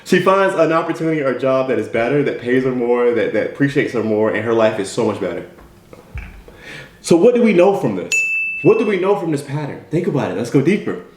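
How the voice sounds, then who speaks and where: A man's voice: medium pitch, animated, brisk, slight background noise. Emphatic male motivational speaker. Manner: emphatic, repeats rhetorical questions. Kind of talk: motivational talk. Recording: echoey room.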